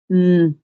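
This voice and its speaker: A woman's voice: fairly low pitch, a little mellow, dry recording, lo-fi sound. A woman hosting a live stream, chatting casually with viewers and giggling often. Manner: giggly, laughs often while reading chat.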